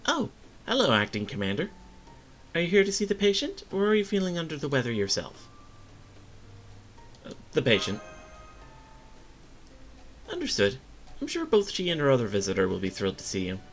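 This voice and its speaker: A man's voice: on the high side, huge pitch swings, moderate pace, long pauses, a bit bright, soft background music, pitched above the performer's own voice. Man doing a prim, polite female nurse. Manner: courteous, businesslike.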